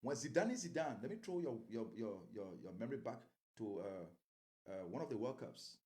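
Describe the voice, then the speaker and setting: A man's voice: mid-range voice, lively intonation, normal speed, mellow. A man giving political commentary as an interview guest, rambling and repeating words as he grows heated.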